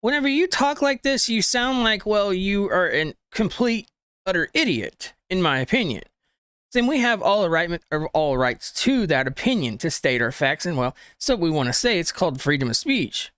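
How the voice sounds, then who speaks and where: A man's voice: high voice, very animated, normal speed, a bit bright, smooth, dry recording, studio quality. A man hosting a reaction video who scolds the clip's speaker with rhetorical questions and informal grammar. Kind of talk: reaction commentary.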